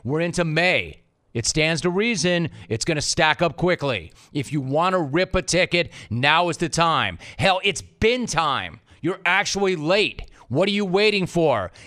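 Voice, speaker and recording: Male sports radio host, middle-aged, slightly high voice, sarcastic, ranting monologue. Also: sharp tone. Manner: sarcastic, ranting, mock-indignant.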